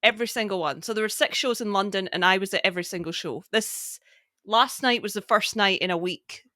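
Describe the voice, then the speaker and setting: A woman's voice: mid-range voice, fairly quick, sharp tone. A woman guest on a podcast, speaking bluntly and laughing as she chats. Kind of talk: casual podcast chat.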